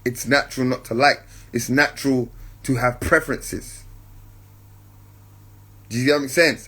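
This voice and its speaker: The host of this spiritual podcast is a man with a medium-pitched voice that's a bit bright, slightly rough, and fairly even in intonation. He reflects unhurriedly, repeats key points, and keeps checking in with his listeners, whom he addresses as family.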